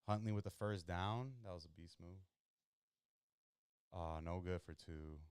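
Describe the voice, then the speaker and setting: A man talks through a football game live, jumping between nervous worry and hype. His voice sits low and comes across smooth. The mic sounds dry, with no room behind it. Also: a little slow, no room sound. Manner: excitable, chatty, jumps between worry and hype. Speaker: host of a live sports watch stream. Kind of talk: casual live reactions while watching football.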